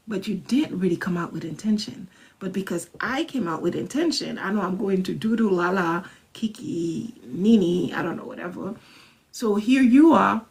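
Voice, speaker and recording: A woman wellness coach leading a manifestation exercise, soft and measured, repeating each phrase and stressing key words. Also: mid-range voice, husky. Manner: soft and measured, dipping into whispers. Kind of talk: guided manifestation instruction.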